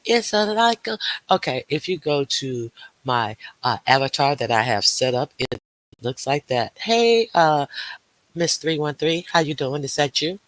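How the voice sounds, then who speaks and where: A man's voice: medium pitch, moderate pace, fairly bright tone, no room sound. A man hosting a casual livestream, greeting viewers by name and chatting with lots of fillers. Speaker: livestream host.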